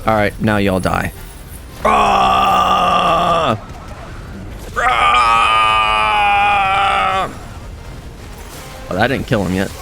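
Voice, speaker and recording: A young man giving casual, excitable gameplay commentary, laughing often and exclaiming at the game. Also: on the high side, takes it slowly, vocal fry, faint music behind. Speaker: let's play gamer.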